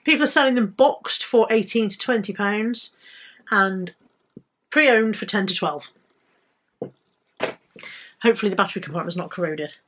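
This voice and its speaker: A woman's voice: medium pitch, moderate pace, pauses often, a bit bright, a little hiss or hum. A British woman vlogging casually about items she bought to resell, chatty and rambling with self-corrections. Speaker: resale vlogger. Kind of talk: casual haul vlog.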